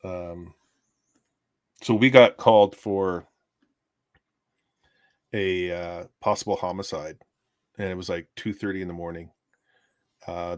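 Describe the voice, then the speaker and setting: A man's voice: deep voice, no echo, clean studio sound. A man casually telling a story from a call he worked, acting out voices and laughing often. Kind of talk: casual storytelling among friends. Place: home art studio, on a livestream.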